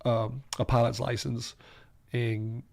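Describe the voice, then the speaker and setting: A man, a guest on a radio show, talking in a halting, rambling way with lots of fillers. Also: medium pitch, flat delivery, creaky, a little mellow. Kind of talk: casual radio chat.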